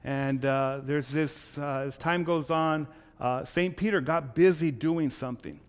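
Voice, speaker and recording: A man's voice: on the high side, measured pace, clear, resonant tone. Man preaching in an echoey hall. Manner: animated storytelling. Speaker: pastor. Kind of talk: sermon with a joke. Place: church.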